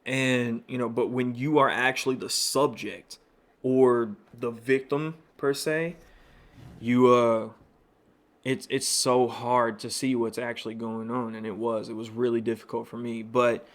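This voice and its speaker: A man in early adulthood recounts his own experience as host of a personal podcast. He talks in a loose, candid way, full of fillers and asides. His voice sits at a middling pitch. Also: fairly even intonation, measured pace. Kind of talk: personal storytelling monologue.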